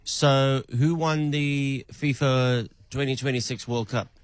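A man's voice: mid-range voice, steady tone, takes it slowly, smooth, dry recording. A man calling an AI voice agent and testing it with playful, probing questions. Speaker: caller testing an AI.

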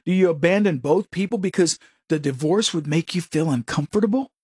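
A man's voice: a little high, fairly quick, darkish tone, breathy edge, dry recording, clean studio sound. A middle-aged man hosting a show, giving an opinionated, sarcastic and preachy monologue to listeners he calls folks. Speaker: political commentary host.

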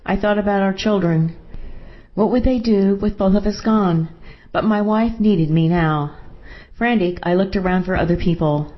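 A woman narrating a first-person story in a calm, measured way. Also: medium pitch, muffled recording.

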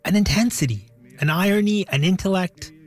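A man hosting and narrating a documentary in a lively, wondering manner. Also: high-pitched, a little fast, faint music behind. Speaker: documentary host.

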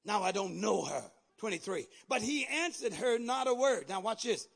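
High-voiced fervent preaching man. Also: brisk, creaky, hardly any pauses, fairly bright tone. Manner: call-and-response preaching, rising to fervent exhortation. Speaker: pastor. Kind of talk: sermon.

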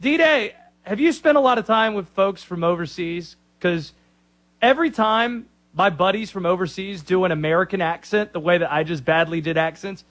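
A man's voice: high voice, a bit bright. A man hosting a sports talk radio show, opinionated and joking.

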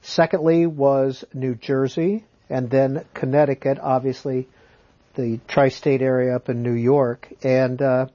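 A man's voice: mid-range voice, level tone, measured pace, mellow. A man interviewing a guest with short, direct questions, heard on dull lo-fi audio.

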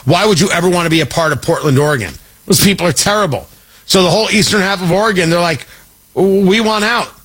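A man's voice: high-pitched, fast talker, fairly bright tone, husky. A man hosting a political talk radio show, delivering a sarcastic, riffing monologue and slipping into mock voices. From Midwest.

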